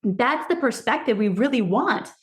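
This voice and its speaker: A woman speaking as a podcast guest, an education consultant talking earnestly and growing excited as she goes. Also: a little high, moderate pace. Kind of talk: casual podcast conversation. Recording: roomy echo.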